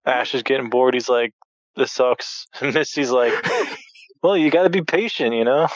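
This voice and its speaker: A man's voice: medium pitch, normal speed, no room sound, muffled recording. A man appearing as a guest on a podcast, recapping cartoon scenes in laid-back casual chat.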